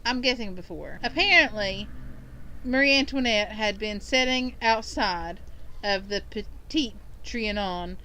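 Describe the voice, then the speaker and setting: A woman from Kentucky retells a story on a podcast, wandering through it with plenty of ums. Her voice is bright and forward, with a faint hiss of noise behind it. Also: medium pitch, unhurried, poor audio. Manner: rambling storytelling with many ums. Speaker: podcast co-host. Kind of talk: casual storytelling chat.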